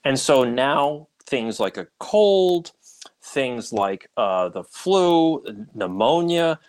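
A man co-hosts a casual talk radio chat, teasing his partner and laughing often. His pitch swings widely as he talks. He sits at a middle pitch for a man. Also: lively intonation, extremely slow, a little mellow. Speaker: co-host.

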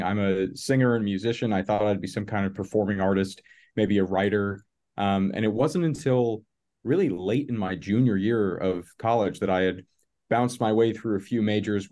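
Low mellow-voiced young man. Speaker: guest, neurosurgery resident. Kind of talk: relaxed podcast chat.

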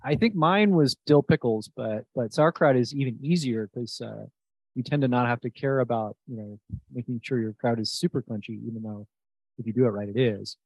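A husky, medium-pitched man speaks a little fast in a dry recording. He's a New Jersey podcast host in casual interview conversation, chatting eagerly with his guest and often starting his sentences over.

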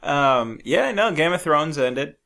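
A man co-hosting a podcast in casual chat, crude and joking, laughing often and breaking into loud impressions. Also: a little high, sing-song, slow, vocal fry. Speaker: podcast co-host.

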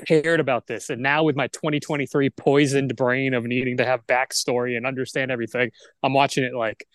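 A man talking on a film podcast, animated and opinionated, making his case like a lawyer. His voice sits at a middle pitch. The room sounds dry and close, with almost no echo. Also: brisk. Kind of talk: casual podcast chat.

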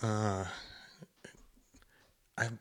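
A man, a podcast guest, chatting casually and getting worked up as he tells a hunting story. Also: extremely slow. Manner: lively storyteller, gets worked up telling a hunt. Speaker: guest, hunter and drinkware entrepreneur.

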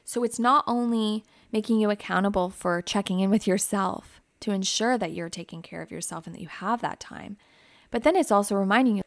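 A woman who hosts a psychotherapy podcast, guiding listeners through reflective questions in a gentle, advising way. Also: medium pitch, brisk, dry recording. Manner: reflective, asks many questions.

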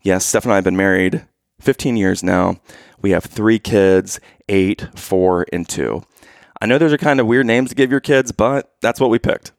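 A man's voice: lowish voice, normal speed, creaky, no room sound, clean studio sound. A man telling dad jokes to his wife and laughing at his own punchlines in a playful, casual way. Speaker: joke-telling husband. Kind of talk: casual dad-joke storytelling.

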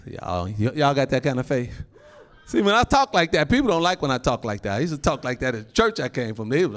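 A male pastor preaching a sermon in an animated, folksy way, laughing often and calling out to the congregation. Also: medium pitch, fairly quick. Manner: folksy informal phrasing.

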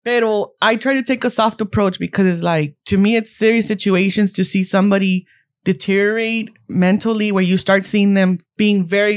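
A woman's voice: mid-range voice, brisk, dry recording, clean studio sound. A woman co-hosting a casual podcast, mixing English and Spanish and acting out quotes with swearing. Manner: animated, mixes English and Spanish, acts out quotes. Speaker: guest co-host.

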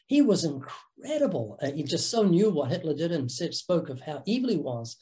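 A man's voice: fairly high pitch, sing-song, moderate pace, few pauses, warm tone. An older man in an interview, telling anecdotes in a playful, joking way. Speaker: podcast guest, evangelist. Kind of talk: animated storytelling conversation.

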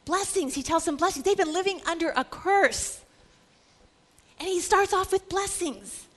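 A woman with a high voice leads a Bible lecture. She delivers it dramatically, rising to loud exclaiming and dropping to hushed, whispered asides. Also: animated, moderate pace. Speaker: Bible teacher. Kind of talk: animated lecture.

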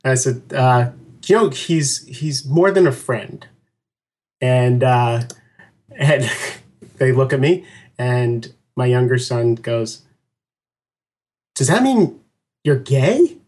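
A middle-aged man speaks as a guest in a casual interview, with a voice of ordinary pitch. He tells his story with animation, chuckling often and slipping into other people's voices as he quotes them. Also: slow. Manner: animated, laughing storyteller who acts out quotes. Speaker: podcast guest.

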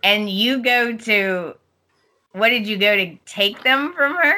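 A woman's voice: mid-range voice, pushed and bright. A woman hosting a podcast in casual chat, reacting to her co-host's story and laughing along. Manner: reacting and laughing, slow and drawn out. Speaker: podcast host.

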